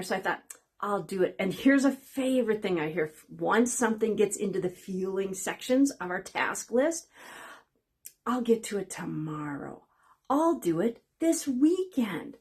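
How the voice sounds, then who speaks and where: A woman's voice: medium pitch, a little mellow, breathy edge. A woman coach hosting her own channel, talking candidly and conversationally to her viewers, with a wry, sarcastic streak. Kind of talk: casual talking-head video.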